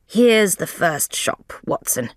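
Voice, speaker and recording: A woman voicing a calm, clever male detective in a slow storybook reading, measured and low-keyed. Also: dry recording, clean studio sound.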